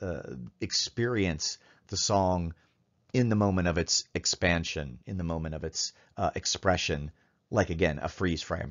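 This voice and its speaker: A man giving a lecture as a literature professor. He talks in a thoughtful, halting way, with many fillers and restarts, and reads lines of verse aloud in a measured way. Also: deep voice, highs cut off.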